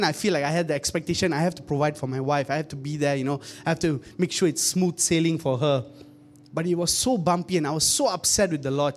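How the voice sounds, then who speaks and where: Young man, preacher, fairly high voice, conversational sermon, joking asides, soft music underneath. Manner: conversational preaching, often addressing the congregation as church; joking, laughs at his own asides.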